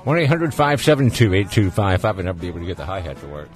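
A man's voice: deep voice, very animated, fast, soft background music. A man with a Southern US accent hosting a call-in radio show, folksy and chatty, laughing easily with callers. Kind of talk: casual call-in radio chat.

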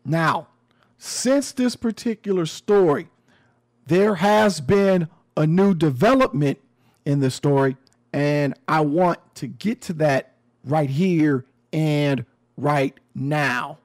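A man with a fairly high voice talks slowly through a casual commentary. He is sarcastic and emphatic, and he circles back over his own words. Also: a little mellow. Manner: sarcastic, emphatic, repeats phrases.

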